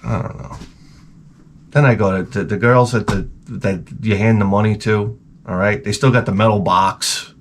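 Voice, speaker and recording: A man telling a comedic rant in a lively, swearing storytelling manner, in a garage workshop. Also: fairly low pitch, moderate pace, slight background noise. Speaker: video host.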